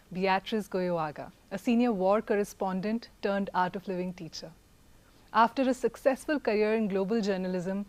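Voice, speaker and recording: A woman hosting a podcast, reading the guest's introduction in a measured, gentle way. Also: medium pitch. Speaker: podcast host.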